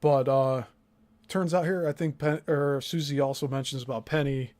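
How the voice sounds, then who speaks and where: A man's voice: mid-range voice, steady tone, normal speed, a little mellow. A man hosting a casual talk show, commenting bluntly and emphatically, swearing freely.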